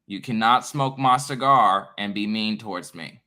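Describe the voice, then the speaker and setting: A man in a casual monologue to his viewers, emphatic, profane and lecturing, swinging between loud bursts and quiet asides. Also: on the low side, normal speed. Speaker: online creator.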